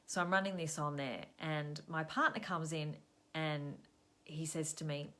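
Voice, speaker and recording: A woman's voice: low voice, steady tone, unhurried, fairly bright tone. An Australian woman hosting a live stream, chatting to viewers and telling a story in a casual, conversational way. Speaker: host of a weekly live show.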